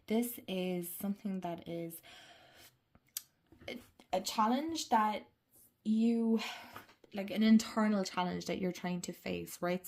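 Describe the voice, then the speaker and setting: A woman's voice: medium pitch, a little mellow. A woman giving a casual, chatty tarot reading, slightly congested, often checking in with her listeners. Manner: chatty, reassuring, frequent "okay?" and "right?" check-ins. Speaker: tarot card reader.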